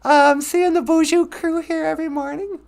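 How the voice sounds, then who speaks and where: A man voicing a high-pitched, sassy sidekick that teases in short, cheeky quips. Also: steady tone, normal speed, vocal fry, darkish tone. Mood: chirpy.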